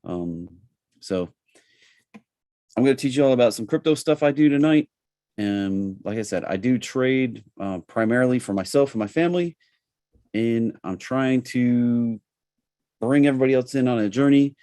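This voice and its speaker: A man with a Southern accent hosting a live trading webinar, talking in a relaxed, chatty way with plenty of fillers. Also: mid-range voice, moderate pace, pauses often, dry recording, clean studio sound. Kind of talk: casual live webinar presentation.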